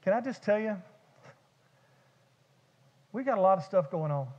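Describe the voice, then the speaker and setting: A man preaching a sermon as pastor, animated and conversational, with vivid humor and repeated words. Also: high voice, moderate pace. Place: church sanctuary. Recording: dull echoey church hall.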